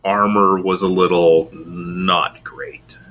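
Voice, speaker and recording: A man's voice: sits low, fairly even intonation, takes it slowly, a bit bright. A man co-hosting a podcast in casual chat, tossing in short wry quips. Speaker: podcast co-host.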